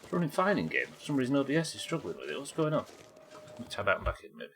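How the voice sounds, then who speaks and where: A man's voice: medium pitch, very animated, very fast, fairly bright tone, a little hiss or hum. A British man giving live commentary while streaming a game, swearing often, muttering to himself and chatting with his viewers. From Britain.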